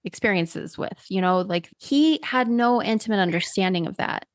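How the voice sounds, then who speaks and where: A woman's voice: mid-range voice, animated, moderate pace, no echo, clean studio sound. A woman hosting a podcast, speaking in a reflective, affirming way in casual chat. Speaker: podcast host.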